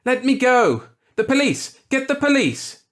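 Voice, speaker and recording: A man voicing a panicked middle-aged shopkeeper, pleading and shouting in desperation. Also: on the high side, very animated, unhurried, voice pushed up. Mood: frantic.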